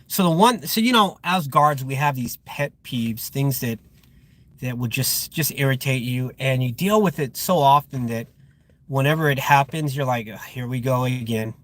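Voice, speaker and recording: Man, security guard, casual live chat, rambling, irritated, lots of fillers, mid pitch. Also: moderate pace, fairly bright tone. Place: outdoors at a guarded facility.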